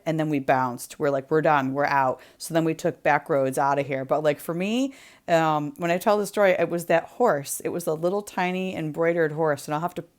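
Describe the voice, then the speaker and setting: A woman from New England hosting a craft livestream from her home, telling a story in a rambling, chatty way full of ums and likes. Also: low-pitched. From New England, USA. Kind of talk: casual chat storytelling. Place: home, near the kitchen.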